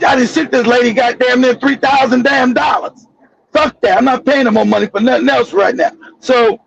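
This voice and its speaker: A man hosting a casual chat, telling a long story in an animated, profane way with many restarts. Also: very high voice, gravelly, slightly rough, no room sound, muffled recording. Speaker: show host.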